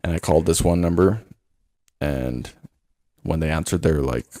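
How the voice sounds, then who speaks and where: A young man co-hosting a podcast, telling relaxed anecdotes and swearing casually. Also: very deep voice, moderate pace, no echo, clean studio sound. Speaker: podcast co-host. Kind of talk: casual chat.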